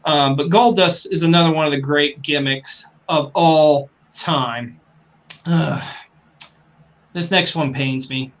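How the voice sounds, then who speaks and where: Hyped podcast guy rambling and cussing, kinda high sharp voice. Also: slow, muffled recording. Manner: enthusiastic, rambling, swears freely. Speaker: podcast co-host. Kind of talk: casual chat.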